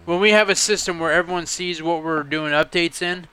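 A man's voice: a little high, fairly even intonation, fairly quick, sharp tone, clean tone. A man co-hosting a casual podcast chat, ranting with exasperation and heavy swearing about a coworker. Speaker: podcast co-host.

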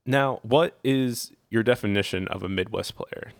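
A man's voice: fairly low pitch, moderate pace, creaky, no echo. A man from Virginia, guest-hosting a podcast, chatting casually and joking with frequent laughs. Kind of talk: casual chat.

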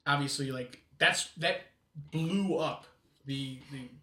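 A man's voice: mid-range voice, takes it slowly, sharp tone, distant mic. A man co-hosting a casual podcast chat, rambling with lots of fillers and restarts. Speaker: podcast co-host. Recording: roomy, from off-mic.

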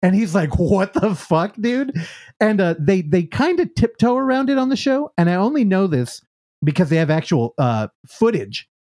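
A man's voice: high-pitched, sing-song, normal speed, a little mellow. A man co-hosting a podcast, recapping a show in a casual, profane way and acting out the characters' lines. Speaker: podcast co-host.

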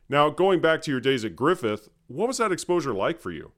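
Smooth-voiced man hosting an interview. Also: medium pitch, very animated, moderate pace, few pauses. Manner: storytelling, conversational. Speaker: host. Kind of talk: podcast interview.

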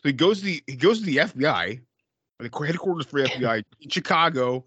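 Dude on a movie podcast, kinda high voice, super animated, swears a lot, dry mic. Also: male voice, fast talker, slightly rough, dry recording, lo-fi sound. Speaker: podcast co-host. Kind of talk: casual film-review chat.

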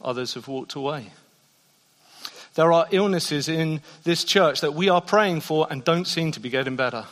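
A man preaching a sermon in a church, shifting between soft, hushed passages and loud, emphatic ones. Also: fairly high pitch, normal speed. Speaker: pastor. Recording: long reverb of a church hall.

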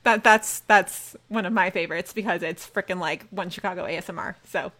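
A woman co-hosting a casual fan chat, gushing and animated, swearing casually. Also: lowish voice, a little fast. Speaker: podcast co-host.

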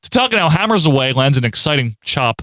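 A man co-hosting a casual podcast, recapping matches in wry deadpan play-by-play. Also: a little high, quick pace, no echo, clean studio sound. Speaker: podcast co-host recapping wrestling. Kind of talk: casual chat.

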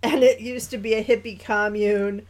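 A woman's voice: mid-range voice, moderate pace. A woman co-hosting a podcast, chatting casually about a film and laughing often. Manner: animated, laughs often while talking. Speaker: podcast co-host. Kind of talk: casual chat reviewing a film.

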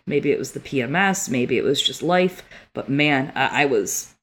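Reading passages aloud on a casual book podcast, a woman co-host reacts with emotion, swears often, and turns tearful while reading. Her voice is a low rumble with lively intonation at a moderate pace.

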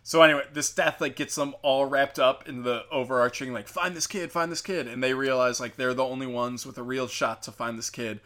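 A man's voice: medium pitch, steady tone, a little fast, hardly any pauses, fairly bright tone. A man hosting a podcast, telling a show's story in a rambling, profane, joking way. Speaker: podcast host. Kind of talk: casual rambling show recap.

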